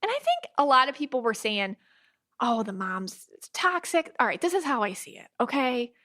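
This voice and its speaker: Chatting casually on her podcast, the host sounds bright and a little high-pitched. Her animated delivery is full of restarts, quoted asides, and quick impressions of others' words.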